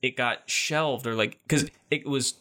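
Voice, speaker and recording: A man with a bright, sharp-edged voice tells a story in casual conversation. He rambles, packs his sentences with "like" and "you know", and throws in lively voices for the people he quotes. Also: medium pitch, unhurried. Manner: breaks into animated quoted voices. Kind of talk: casual podcast chat, retelling a story.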